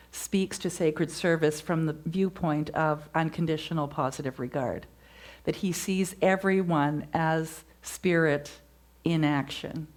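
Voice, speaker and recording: A woman giving a gentle, reflective spiritual talk, telling stories to her congregation. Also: sits low, vocal fry.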